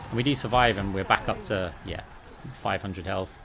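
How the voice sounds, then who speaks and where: Man excitedly commentating a game. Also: low voice, noisy background. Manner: quick, excited play-by-play with asides to viewers. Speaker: gaming YouTuber. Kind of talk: gameplay commentary. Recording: clear game music underneath.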